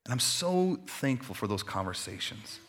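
A man's voice: mid-range voice, sing-song, moderate pace, a bit bright. A man pastor preaching a sermon in a conversational way, stacking repeated phrases for emphasis and dropping in casual asides.

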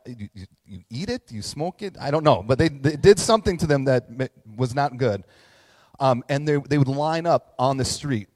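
A man in his thirties, a pastor, preaching a casual, animated story sermon and talking to the kids in the crowd. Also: medium pitch. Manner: animated, acts out voices, talks to kids in the crowd. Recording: long reverb in a large hall.

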